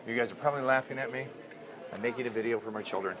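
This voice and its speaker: A man's voice: mid-range voice, rapid-fire. A father joking playfully and mock-grumpily while making a home video at an aquarium. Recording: crowd chatter behind.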